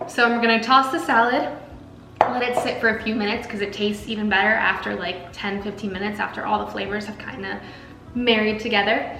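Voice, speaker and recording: A woman's voice: medium pitch, fairly even intonation, brisk, reverberant, noisy background. Chatty young woman food vlogger. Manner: chatty, upbeat, lots of fillers like "like". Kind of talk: casual vlog narration while cooking and eating.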